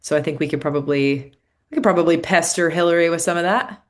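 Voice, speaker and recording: Female co-host, very low voice, thoughtful, asks questions. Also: fast talker. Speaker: podcast co-host. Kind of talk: casual podcast conversation.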